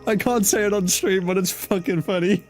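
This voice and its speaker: A man's voice: high-pitched, brisk, a little mellow, soft background music. A man casually chatting and joking with a friend while streaming a game. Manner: joking, laughs a lot, swears. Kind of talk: casual let's-play chat.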